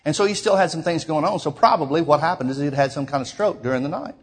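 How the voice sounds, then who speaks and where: A man's voice: a little high, quick pace, breathy edge. A man preaching, retelling a story in a sermon with many quoted lines and frequent restarts.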